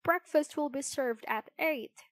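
A woman's voice: sits high, unhurried, no echo, pitched above the performer's own voice. A woman voicing a courteous, formal male poodle who serves as butler in a storybook. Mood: polite.

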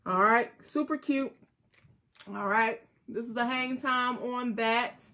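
A woman's voice: a little high, slow, pushed and bright. Chatty woman selling jewelry live. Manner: chatty, repeats item codes, addresses viewers as y'all and mama. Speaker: jewelry seller hosting a live sale. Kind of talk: casual live selling chat.

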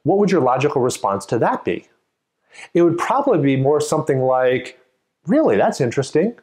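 A man at a middle pitch talking through a test-prep lesson. He keeps it casual and chatty and voices little imagined street conversations to make his point. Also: lively intonation, normal speed, a little mellow. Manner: conversational, acts out quoted exchanges. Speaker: GMAT tutor.

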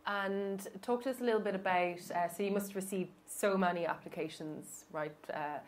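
A woman's voice: medium pitch, moderate pace. A woman hosting an onstage interview, asking questions in a friendly, loose way. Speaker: interview host. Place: live event venue.

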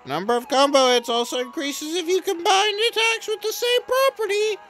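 A woman's voice: very high-pitched, moderate pace, fairly bright tone, faint music behind, pitched above the performer's own voice. A woman voicing a chirpy, upbeat tutorial guide who explains things in a sing-song way. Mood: cheerful.

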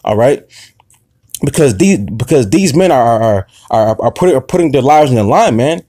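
A man preaching an informal sermon, halting with many fillers and restarts, confrontational and profane. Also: mid-range voice, lively intonation, mellow, dry recording, studio quality.

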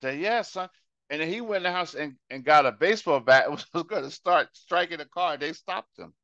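Bright-voiced man teaching a Bible study. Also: fairly high pitch, fairly quick, no echo, highs cut off. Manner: illustrates with acted-out examples and repetition. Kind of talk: conversational sermon.

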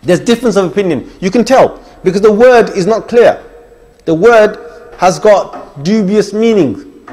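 A man's voice: high-pitched, expressive, unhurried, dark tone. A middle-aged man giving an emphatic Islamic lecture, listing points and challenging his listeners directly. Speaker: Islamic preacher. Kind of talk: religious lecture.

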